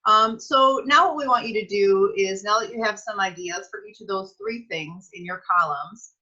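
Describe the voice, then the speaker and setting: A woman co-teaching a social skills lesson, giving friendly, measured instructions with frequent pauses. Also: medium pitch, sharp tone, husky. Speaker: prevention specialist, co-teacher. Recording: dull lo-fi sound.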